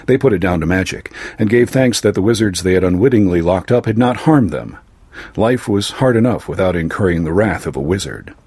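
A male narrator reads a fantasy tale in a measured, even manner. His voice is low and slightly husky. The recording is dry and close, with no room sound. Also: dry recording. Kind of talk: scripted story narration.

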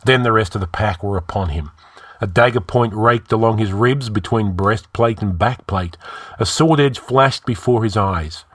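Low-voiced man reading a sword-and-sorcery tale. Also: a bit bright, no echo, studio quality. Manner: measured, dramatic storytelling. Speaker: story narrator. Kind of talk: dramatic fiction reading.

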